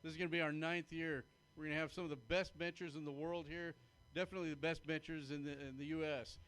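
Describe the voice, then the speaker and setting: Smooth-voiced man, plainspoken company founder. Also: on the high side, fairly even intonation, fast, fairly bright tone. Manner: plainspoken and proudly promotional. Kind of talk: live event interview. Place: at a live powerlifting meet.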